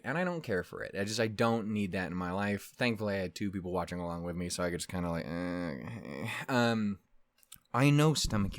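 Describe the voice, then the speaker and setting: A young man riffs on a show he just watched in loose, casual commentary. He swears freely, restarts his sentences and laughs at his own asides, and his pitch leaps high and drops low. The recording is dry and close. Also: no echo. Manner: rambling, profane, self-interrupting, laughs often. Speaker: reaction channel host.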